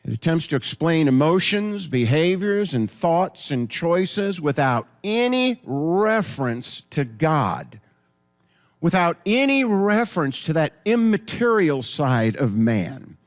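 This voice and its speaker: Guy teaching a bible counseling class, kinda high voice, super animated, lots of restarts and repeats. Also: takes it slowly. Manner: explains with many restarts and repeated phrases; animated, reads scripture verses aloud.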